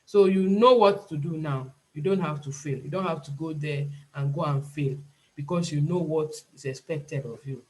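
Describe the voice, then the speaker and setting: A woman's voice: sits low, normal speed, a little mellow. A Nigerian woman tutoring a class over a video call, talking in an emphatic, pleading way and often repeating herself. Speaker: IELTS tutor and nurse. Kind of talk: online class lecture.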